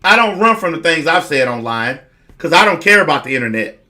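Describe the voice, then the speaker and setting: This high-pitched online commentator rants to camera a little fast, his pitch swinging widely and his tone hard and forceful. Nothing is polite or softened: he's blunt, confrontational, full of profanity, and repeats lines to drive them home.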